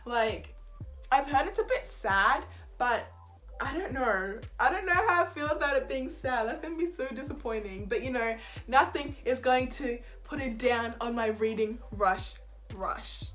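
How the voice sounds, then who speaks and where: A bubbly woman talks casually to her camera about books, laughing often between sentences. Her voice sits a little high. Faint music plays in the background. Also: animated, a little slow, a bit bright. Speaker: book vlogger.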